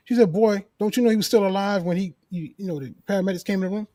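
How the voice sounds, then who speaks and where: Earnest high-voiced man telling a story. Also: quick pace, hardly any pauses, mellow, dry recording, studio quality. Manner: earnest, emphatic, repeats key phrases. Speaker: co-host sharing a personal story. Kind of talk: casual conversation, storytelling.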